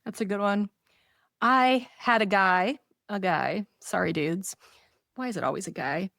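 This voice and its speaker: Woman podcast co-host, chatty and animated, casual advice, mid-range pitch, dry sound. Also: measured pace, creaky, no room sound. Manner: chatty and animated, laughs often.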